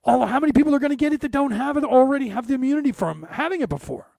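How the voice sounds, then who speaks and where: A man's voice: very high-pitched, expressive, very fast, creaky, warm tone, no room sound. A middle-aged American man ranting about politics, sarcastic and mocking. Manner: ranting, sarcastic, mocks opponents in put-on voices. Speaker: commentator. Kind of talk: political rant.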